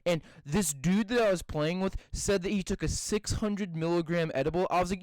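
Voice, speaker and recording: A young man co-hosting a podcast, chatting casually and swearing a lot while telling animated stories. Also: high voice, moderate pace, hardly any pauses, no room sound, poor audio. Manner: profane, animated storytelling with mock voices. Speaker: podcast co-host. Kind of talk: casual chat.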